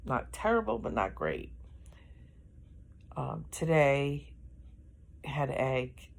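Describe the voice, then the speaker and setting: A woman's voice: rumbling low, sing-song, very slow, gravelly. A middle-aged woman, chatting casually in a vlog, rambling and correcting herself as she goes, yawning often. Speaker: vlogger.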